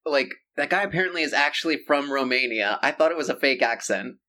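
A man's voice: medium pitch, expressive, fast, sharp tone. A man co-hosting a podcast, joking through a casual movie recap and acting out scenes in silly voices. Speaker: podcast co-host.

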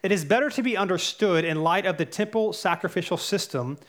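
A man's voice: high-pitched, brisk, a bit bright. A man in his thirties preaching a sermon as pastor, earnest and conversational, with fillers and self-corrections.

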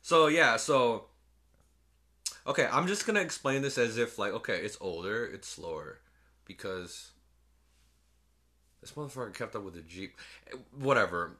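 A man's voice: mid-range voice, normal speed, pauses often. A man in casual chat retelling a film scene by scene with lots of swearing. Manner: profane, animated storytelling. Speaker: movie fan retelling a film.

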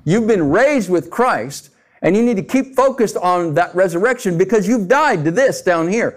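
A man preaching a sermon as a pastor, talking to the congregation in an animated, conversational way with frequent rhetorical questions. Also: sits high, normal speed.

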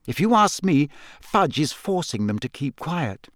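A man's voice: fairly high pitch, sing-song, unhurried, no echo, clean studio sound, pitched above the performer's own voice. A man voicing an eager know-it-all schoolgirl. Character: clever earnest teenage schoolgirl witch. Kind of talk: audiobook character voice.

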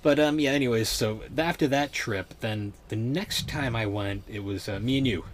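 A man's voice: medium pitch, normal speed, slight background noise. A young man hosting a podcast in laid-back, rambling casual chat. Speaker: podcast host.

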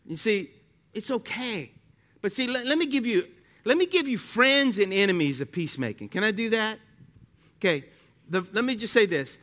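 A man preaching a sermon as pastor, animated and full of rhetorical questions that he tosses to the congregation. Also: high-pitched, moderate pace.

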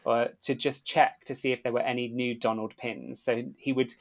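Man telling animated stories. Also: medium pitch, normal speed. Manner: animated storyteller, acts out quoted voices. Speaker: podcast guest, former theme park worker. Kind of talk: casual storytelling chat.

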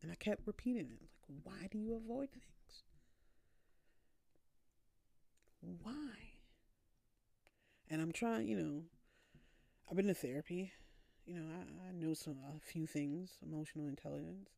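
A woman hosting her own podcast, telling a candid, rambling story and questioning herself out loud. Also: low-pitched, fairly quick, gravelly, dry recording. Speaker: podcast host. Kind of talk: casual solo storytelling.

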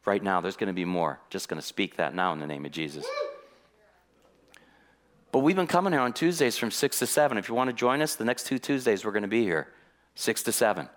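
A man preaching a sermon in a church, telling a personal story in a lively way and acting out the conversations in it. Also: on the low side, brisk. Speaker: guest preacher.

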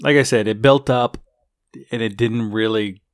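A man's voice: lowish voice, fairly even intonation, normal speed, no room sound, studio quality. A man co-hosting a casual TV recap chat, easygoing and hesitant, retelling scenes. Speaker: podcast co-host.

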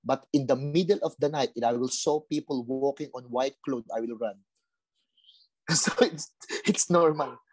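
A man from the Philippines with a Filipino accent, preaching a lively sermon full of rhetorical questions. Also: mid-range voice, moderate pace, breathy edge, no room sound. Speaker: pastor.

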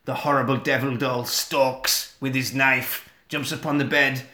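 A man's voice: mid-range voice, flat delivery, a little slow, pushed and bright. A man casually recapping a horror film on a podcast, swearing a lot and acting out the scenes. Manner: sweary, acts out scenes in silly voices. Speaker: podcast host. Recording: echoey room.

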